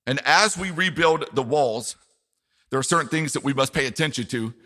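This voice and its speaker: A man's voice: mid-range voice, normal speed, bright, forceful tone, big-room sound. A man preaching a sermon as pastor, speaking emphatically and repeating key phrases.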